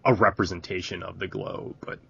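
A man co-hosting a podcast, making dry, sardonic remarks about a film in a husky voice. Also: sits low, steady tone, fairly quick, bright, forceful tone, lo-fi sound. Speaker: podcast co-host. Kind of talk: casual film discussion.

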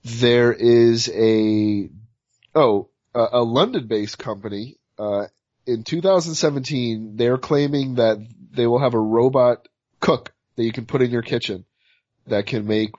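A man's voice: mid-range voice, measured pace, a little mellow, dry recording. A man co-hosting a podcast, rambling casually through news items with many fillers. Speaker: podcast co-host. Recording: slightly muffled dry sound.

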